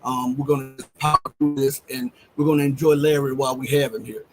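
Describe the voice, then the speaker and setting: A man hosting a live stream, speaking earnestly with some halting fillers as he addresses viewers and his guest. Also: medium pitch, fairly even intonation, a little mellow, faint music behind, low-quality recording. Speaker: host. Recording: faint background noise.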